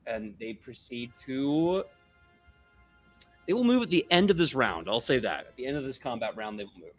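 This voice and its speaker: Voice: mid-range voice, moderate pace. Chatty gm running a tabletop game, voice bouncing all over, little music in back. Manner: animated, playful, with fillers and self-corrections. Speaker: game master.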